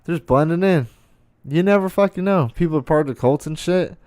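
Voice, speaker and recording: A young man ranting on his podcast, profane and incredulous as he vents. His voice is smooth and resonant, and the recording sounds dry and close. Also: fairly high pitch, a little fast, darkish tone, no room sound. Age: young adult. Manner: profane, incredulous, swearing often. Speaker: podcast host. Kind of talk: ranting monologue.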